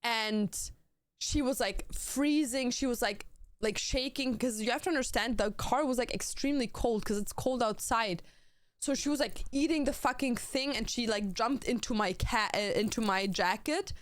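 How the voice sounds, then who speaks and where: Smooth-voiced young woman telling a story. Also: on the high side, moderate pace, dry recording. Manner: animated, heavy use of "like", swears casually. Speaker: streamer. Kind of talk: casual storytelling to chat.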